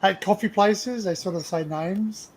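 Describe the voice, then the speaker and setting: A man's voice: high-pitched, unhurried, slight background noise. A man in a casual livestream chat, bantering with laughter and swearing.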